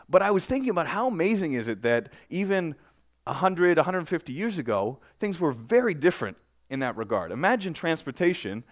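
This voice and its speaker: A young man preaching in church, chatty and self-deprecating, with joking asides and a heartfelt prayer. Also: on the high side. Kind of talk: casual sermon with prayer. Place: church sanctuary. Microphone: microphone with feedback.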